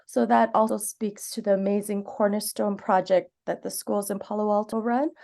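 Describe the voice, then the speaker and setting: Earnest mellow-voiced woman telling her story. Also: medium pitch, little pitch movement, normal speed, creaky. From Canada. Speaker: community member giving public comment. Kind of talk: personal testimony.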